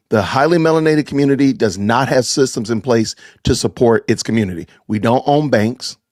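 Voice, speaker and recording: A man's voice: mid-range voice, no room sound, clean studio sound. A man hosting a podcast livestream, reacting to clips with emphatic commentary and repetition for stress. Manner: emphatic, animated, repeats points for stress. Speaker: podcast host.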